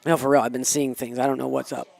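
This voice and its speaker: A man doing casual, excitable play-by-play for a high school softball game, chatty and cheering the batters on. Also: quick pace, creaky. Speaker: play-by-play commentator. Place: small school TV studio booth.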